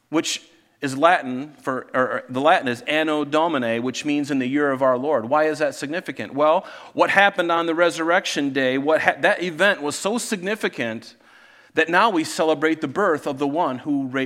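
A male pastor reading scripture aloud and preaching a sermon, earnest and emphatic, slowing down to stress key phrases. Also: on the high side, fairly bright tone. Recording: reverberant church hall.

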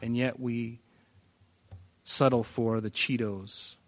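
Taking it slowly, this pastor speaks in a mid-range voice with little pitch movement. His verse-by-verse Bible teaching is emphatic, and he repeats words and raises or lowers his volume to stress his points.

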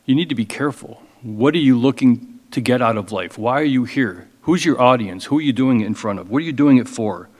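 A man preaching as a pastor, reading scripture slowly with emphasis and then explaining it in a casual, conversational way. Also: mid-range voice, in a large hall. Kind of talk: expository sermon.

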